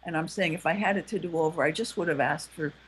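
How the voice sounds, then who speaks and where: A woman relationship expert and author, explaining in a calm, measured, gently instructive way. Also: sits low, husky. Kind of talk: explaining in conversation.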